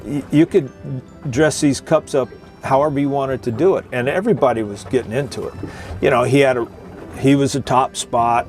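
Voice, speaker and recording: A middle-aged man, a Coast Guard veteran, casually telling a joking, salty story to his viewers. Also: mid-range voice. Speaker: retired Coast Guard veteran, video host. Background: music.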